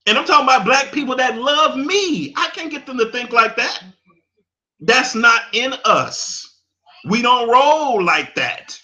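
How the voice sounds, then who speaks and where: A man's voice: very high voice, lively intonation, unhurried, bright, forceful tone. A man, giving an impassioned monologue that repeats phrases for emphasis. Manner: preachy, emphatic, repeats phrases, laughs at his own points. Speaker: commentator.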